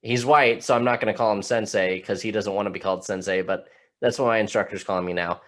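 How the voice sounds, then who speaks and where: A man with a lowish voice hosts a casual podcast, blunt and profane. He often restarts his questions and stumbles over his words. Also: steady tone, fast, fairly bright tone. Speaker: podcast host.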